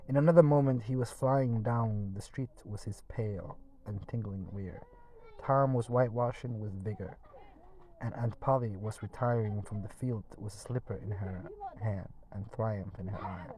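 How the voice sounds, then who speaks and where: A man reading a classic novel aloud in a steady storytelling manner, with occasional small restarts. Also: lowish voice, moderate pace, a little hiss or hum, rough recording. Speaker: audiobook reader.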